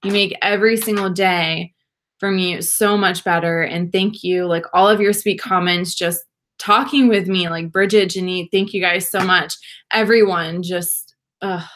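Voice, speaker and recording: A young woman, chatting warmly and gushing to viewers during a casual livestream makeup session. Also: fairly low pitch, fairly even intonation, a little slow. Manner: bubbly, gushing, laughs often, talks to viewers. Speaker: beauty vlogger.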